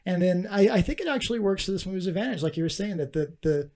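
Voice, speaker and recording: A man's voice: high voice, fast. A man casually talking through his thoughts on a movie, often restarting his sentences. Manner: relaxed, restarts often, acts out quotes. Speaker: podcast co-host.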